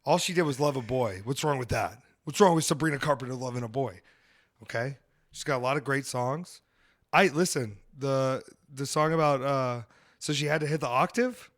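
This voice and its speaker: Excitable rambling male podcast host. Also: normal speed. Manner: rambling, excitable, swings into loud high outbursts. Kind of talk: casual comedic chat.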